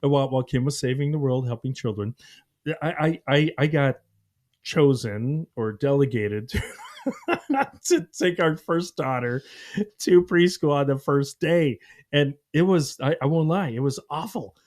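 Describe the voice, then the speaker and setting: Animated storytelling man, laughing often. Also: medium pitch, measured pace. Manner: animated, laughing, acts out voices in his story. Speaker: podcast host. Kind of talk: casual storytelling chat.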